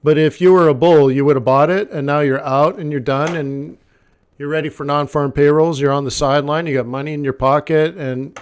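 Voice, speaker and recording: Guy doing live forex trading commentary, blunt, keeps saying okay and like, voice on the higher side. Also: fairly even intonation, fairly quick, clear, resonant tone. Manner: conversational, repeats phrases, many "okay" and "like" fillers; blunt, talks straight to the viewer.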